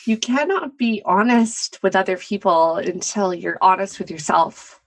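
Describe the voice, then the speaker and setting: A woman's voice: medium pitch, measured pace. Candid, laughing woman on a podcast. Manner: candid, laughs often, quotes people in a lifted voice. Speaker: podcast guest. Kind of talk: casual podcast conversation.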